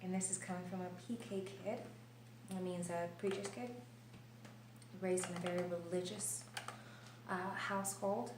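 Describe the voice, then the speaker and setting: A woman vlogging about her illness in her kitchen, telling her story with animated gestures and sometimes dropping to a quiet whisper. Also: fairly low pitch, moderate pace, long pauses. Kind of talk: personal video diary. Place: kitchen of an old house. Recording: roomy, distant mic with faint noise.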